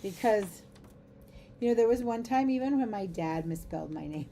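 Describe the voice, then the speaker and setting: A middle-aged woman chats her way through a crafting livestream in a warm, mellow voice. She rambles easily from one aside to the next and giggles often. A faint hiss of noise sits behind her. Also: mid-range voice, lively intonation, moderate pace. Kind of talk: casual chat while crafting.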